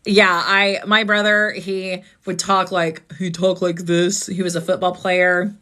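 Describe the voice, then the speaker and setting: A woman's voice: fairly low pitch, flat delivery, a little slow, pushed and bright. A woman host on a live stream, talking earnestly and asking reflective questions about grief.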